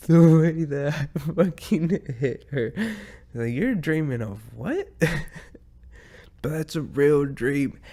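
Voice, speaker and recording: A man hosts a casual podcast and tells a long story. He talks slowly and unhurried, rambling and swearing freely, and keeps chuckling at himself as he goes. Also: medium pitch, darkish tone. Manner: profane, rambling, chuckling through his own story. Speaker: podcast host.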